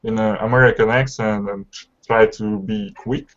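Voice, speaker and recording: A man's voice: lowish voice, steady tone, moderate pace. Hesitant man asking lesson questions. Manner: hesitant, with nervous laughs. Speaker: English learner. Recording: muffled lo-fi audio.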